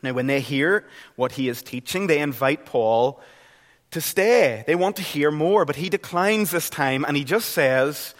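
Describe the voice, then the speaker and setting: A middle-aged Northern Irish preacher delivers an earnest, conversational sermon, often restarting his phrases. His voice sits a little high. The church hall adds a long, lingering reverb. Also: expressive, measured pace. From Northern Ireland.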